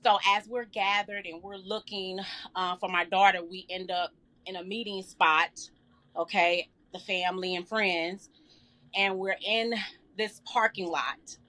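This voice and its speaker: A middle-aged woman telling an emotional personal story in an interview, earnest and halting with many fillers. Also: mid-range voice, pushed and bright. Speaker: guest.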